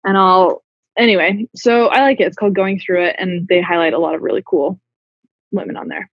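A woman's voice: fairly low pitch, fairly quick, slightly rough, no room sound. Rambling woman podcast co-host, lo-fi. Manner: rambling, many fillers and restarts. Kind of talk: casual chat. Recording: dull lo-fi dry recording.

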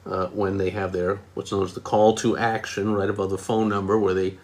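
A marketing consultant critiques advertising copy in a casual explainer, punching key words with emphasis and adding mocking asides. His voice is low-pitched and a little mellow, with a level tone and a slightly fast pace.

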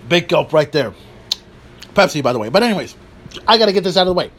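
Excitable swearing man hosting a podcast. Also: fairly high pitch, quick pace, slight background noise. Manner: excitable, swears freely, drifts into asides. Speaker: podcast host. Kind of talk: solo wrestling podcast talk.

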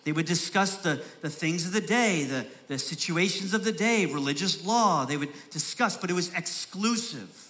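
A man preaching a sermon as pastor, repeating phrases for emphasis and building from soft, slow stresses to raised, urgent delivery. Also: high voice, expressive.

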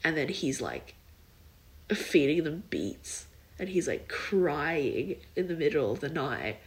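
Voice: mid-range voice, big pitch swings, takes it slowly, low-quality recording. A young adult podcast host talking in a casual, rambling way, full of "like" and "kind of". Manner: rambling, filler-heavy, many likes and kind ofs. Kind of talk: casual solo podcast chat.

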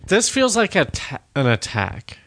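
A man who is a guest on a comedy podcast, bantering in a deadpan, mock-offended way. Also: on the high side, a little slow, vocal fry, no echo.

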